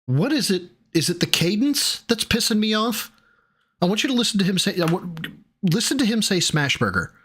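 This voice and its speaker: A man streaming, pausing a clip to talk back at it in exasperated, profane casual commentary. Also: sits high, sing-song, fairly bright tone, breathy edge. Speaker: streamer reacting to a video.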